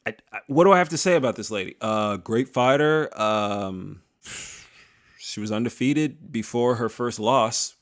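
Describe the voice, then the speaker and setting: A man's voice: mid-range voice, measured pace. A man hosting an MMA video, talking in a casual, rambling, slangy way full of jokes. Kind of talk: casual commentary.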